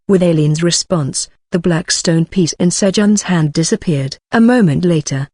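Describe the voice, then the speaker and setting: Low-pitched woman narrating an audiobook. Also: moderate pace, few pauses, darkish tone, no echo, clean studio sound. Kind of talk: scripted narration.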